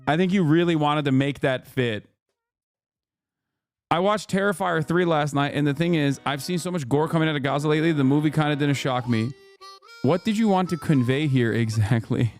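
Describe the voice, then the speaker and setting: Sarcastic male streamer, faint music behind. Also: moderate pace. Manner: sarcastic, incredulous, swings to sudden high exclamations. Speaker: streamer reacting to posts. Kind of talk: casual livestream commentary.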